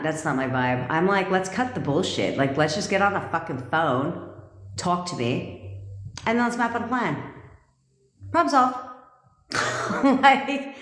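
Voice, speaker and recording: A blunt woman coach chatting loosely to her livestream audience. She swears constantly and laughs between points, with a slightly low voice. The room around her sounds echoey. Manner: blunt, profane, laughing often. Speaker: manifestation coach. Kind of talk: casual livestream talk.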